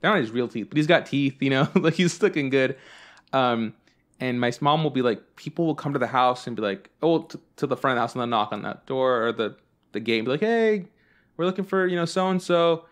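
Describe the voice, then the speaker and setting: A man's voice: medium pitch, quick pace, a bit bright. A man hosting a podcast, chatting casually and telling rambling stories full of fillers and swearing. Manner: rambling storyteller, swears freely, many fillers. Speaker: podcast host. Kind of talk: casual chat.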